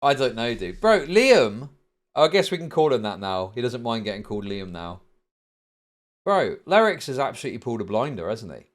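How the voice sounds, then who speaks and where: A man's voice: mid-range voice, very animated, normal speed. A man, a streamer host giving profane, sarcastic reaction commentary. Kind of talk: casual livestream reaction commentary.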